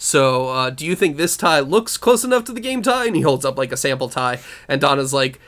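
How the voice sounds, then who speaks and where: A man's voice: medium pitch, sing-song, brisk, fairly bright tone. A man co-hosting a podcast, chatting casually about a TV episode, swearing, laughing often and acting out characters' lines. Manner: profane, laughing, acts out quotes. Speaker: podcast co-host. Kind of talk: casual recap chat.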